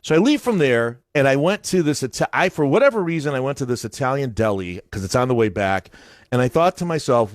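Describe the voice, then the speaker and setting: Animated male radio host telling a story. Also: mid-range voice, fairly quick, no echo, clean studio sound. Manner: rambling storyteller with lots of restarts. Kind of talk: casual studio banter. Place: radio studio. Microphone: studio mic.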